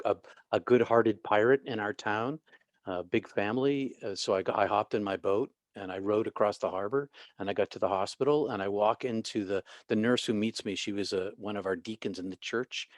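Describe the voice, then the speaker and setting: A middle-aged man, a former pastor, telling stories as a podcast guest, halting and restarting often and sometimes dropping to a soft whisper. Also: lowish voice, no echo. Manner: halting with many restarts, drops to a soft whisper when quoting. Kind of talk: storytelling interview.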